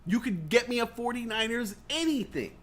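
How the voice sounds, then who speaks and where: A talk show host tells comic stories with big swings of pitch, jumping into other people's voices as he goes. His voice is bright and high, and he swears freely in a loose, casual chat. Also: normal speed, slight background noise. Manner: animated, swears freely, acts out quoted voices. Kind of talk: comedic storytelling chat. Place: studio or stream set.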